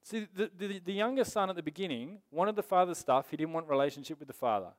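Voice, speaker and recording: Man, pastor, sermon, conversational and emphatic, fairly high voice. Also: lively intonation, quick pace.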